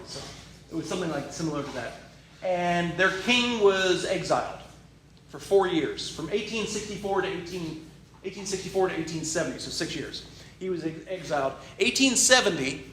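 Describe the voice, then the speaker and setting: A man preaching a sermon, telling stories in a lively, joking way with asides and restarts. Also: a little high, slight background noise. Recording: echoey hall from far off.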